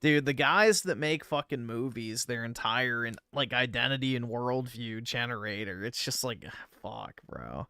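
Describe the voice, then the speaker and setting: A man's voice: medium pitch, measured pace, hardly any pauses, bright, forceful tone, smooth, no echo, studio quality. A man streaming casual reaction commentary, crude, mocking and sarcastic.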